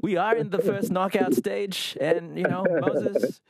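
A man co-hosting a radio morning show, asking questions in a relaxed, easygoing way. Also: high voice, a little slow, creaky, over a noisy crowd.

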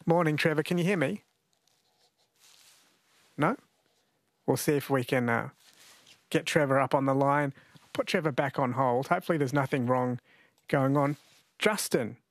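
A man's voice: mid-range voice, normal speed, long pauses, dry recording. Chatty Australian male radio host. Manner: chatty, jokey, laughs often. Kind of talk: radio talk show hosting. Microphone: studio mic.

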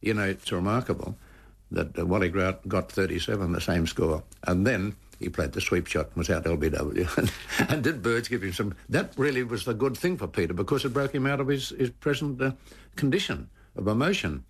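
An older man, a former cricketer recalling stories in an interview, animated and repeating words as he goes. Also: fairly low pitch, a little fast, vocal fry, slightly rough. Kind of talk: anecdotal storytelling in an interview.

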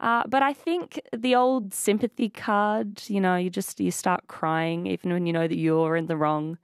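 A woman's voice: fairly low pitch, steady tone, normal speed, clear, resonant tone, no echo. An Australian woman hosting breakfast radio from a studio, chatty and playful, laughing easily as she talks. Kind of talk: casual radio chat. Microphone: studio microphone.

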